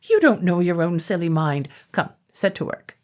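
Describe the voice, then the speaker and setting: A woman's voice: lowish voice, big pitch swings, moderate pace, a little mellow. Woman putting on a spluttering iron dragon. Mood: bossy. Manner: spluttering, brusque. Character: big rusty iron male dragon, pushy and bossy.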